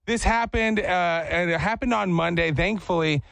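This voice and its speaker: Animated male radio host, slightly high. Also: moderate pace, gravelly, no echo. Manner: animated storytelling with playful voices. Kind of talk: casual radio banter.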